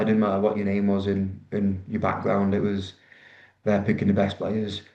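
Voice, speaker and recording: A man, a rugby player relaxed and self-deprecating as he tells stories in an interview, with many ums and restarts. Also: on the low side. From Manchester, England. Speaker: rugby league player guest. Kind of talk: casual interview storytelling. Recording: echoey, dull room sound.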